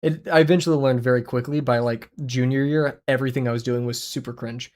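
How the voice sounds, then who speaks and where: A man's voice: medium pitch, steady tone, fast, darkish tone. A young man livestreaming while he draws, chatting loosely with viewers in a rambling, self-deprecating way. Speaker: drawing livestreamer. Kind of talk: casual chat while drawing on stream.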